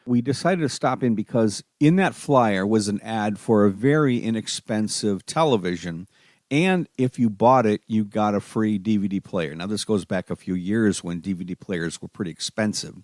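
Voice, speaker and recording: A middle-aged man hosting a parenting podcast, telling a personal story and giving advice in a calm, steady manner. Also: lowish voice, moderate pace, dry recording, clean studio sound. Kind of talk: solo podcast talk.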